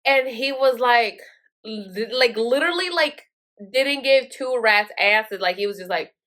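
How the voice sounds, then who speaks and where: A female vlogger tells a story in a relaxed, chatty manner, cursing often and peppering her speech with "like." Her voice is on the high side and a little slow, with a fairly bright tone.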